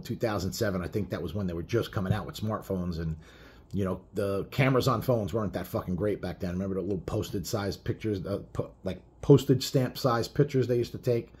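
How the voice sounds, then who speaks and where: Husky low-voiced biker telling a story. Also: male voice, darkish tone. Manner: profane, blunt, rambling with many fillers. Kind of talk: casual spoken storytelling.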